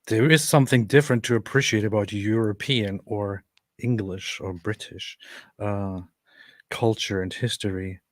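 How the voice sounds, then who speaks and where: A male host chatting casually in a measured, somewhat hesitant way. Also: lowish voice, steady tone, dry recording. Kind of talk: casual chat.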